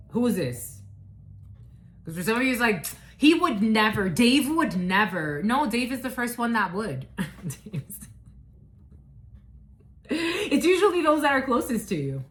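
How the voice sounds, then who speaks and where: A woman's voice: fairly high pitch, sing-song, unhurried, pauses often, a bit bright. A woman giving a casual spiritual reading, blunt and profane, who rambles, restarts and laughs often. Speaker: psychic reader.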